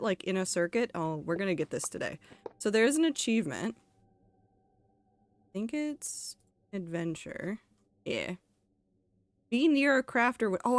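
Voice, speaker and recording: A woman streaming a game, chatting casually and rambling with lots of fillers. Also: a little high. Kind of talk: casual live-stream chat while gaming.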